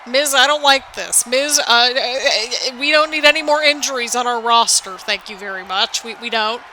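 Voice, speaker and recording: A woman giving excited, anxious play-by-play commentary over a wrestling video game, exclaiming often and talking to viewers as "people". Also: on the high side, moderate pace, slight background noise, rough recording. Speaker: gaming video host.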